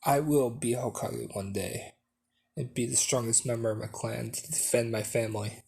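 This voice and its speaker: A man's voice: mid-range voice, steady tone, creaky, darkish tone, slightly rough. A man voicing a determined young ninja girl. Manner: halting, hesitant delivery.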